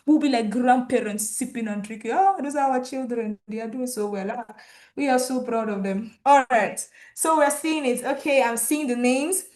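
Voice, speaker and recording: A woman's voice: a little high, a little mellow. Upbeat woman hosting an online ceremony. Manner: enthusiastic, reads out viewer comments and names. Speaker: host of an online graduation ceremony. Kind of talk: lively live-stream hosting.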